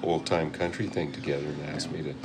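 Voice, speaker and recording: A man's voice: rumbling low, fairly even intonation, fast talker. A man in his fifties, a guest musician chatting casually in an interview, rambling and self-deprecating. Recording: noisy recording.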